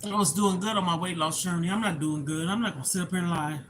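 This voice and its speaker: A woman's voice: fairly low pitch, quick pace, background noise. A middle-aged woman hosting a personal livestream, talking in an emotional, repetitive, plainspoken rant. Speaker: livestream host.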